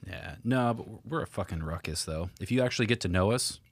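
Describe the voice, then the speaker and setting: A man's voice: on the low side, lively intonation, fairly quick, breathy edge, no echo. A laid-back young man chatting as a podcast co-host, who laughs often and trails off mid-thought. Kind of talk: casual chat.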